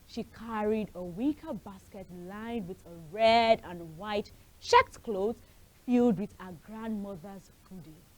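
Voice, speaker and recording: A woman hosting a children's show, telling a fairy tale and talking to the kids directly in an animated way. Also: on the high side, no room sound, poor audio. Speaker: storyteller host of a children's show. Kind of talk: storytelling for children.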